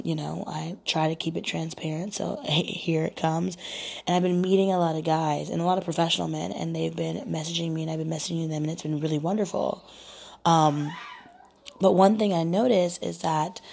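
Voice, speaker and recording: A woman's voice: sits low, gravelly, breathy edge. A young adult woman talking casually as a life coach, chatty and rambling with asides. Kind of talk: casual monologue.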